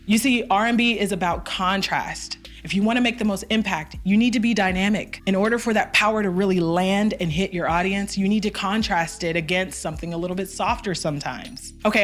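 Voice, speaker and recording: A woman vocal coach giving an online singing lesson, talking straight to the viewer in an upbeat, direct way. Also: medium pitch.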